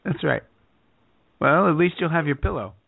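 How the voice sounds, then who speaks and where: Playful, laughing man with a lively voice. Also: on the high side, moderate pace, vocal fry, husky, dry recording. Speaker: podcast co-host. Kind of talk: casual chat. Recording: tinny phone-like podcast audio.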